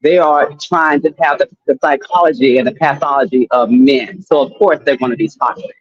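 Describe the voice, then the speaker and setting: Man, husky, blunt panel guest, muffled lo-fi sound. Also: mid-range voice. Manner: blunt, quick to interrupt. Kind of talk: casual panel talk.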